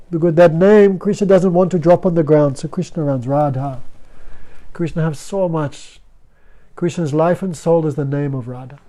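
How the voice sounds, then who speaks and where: A fairly high-voiced man teaching a spiritual class to students. He talks in short, simple phrases of broken English and breaks into chanted verses. His tone stays patient and explanatory. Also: moderate pace, warm tone. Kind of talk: devotional class talk.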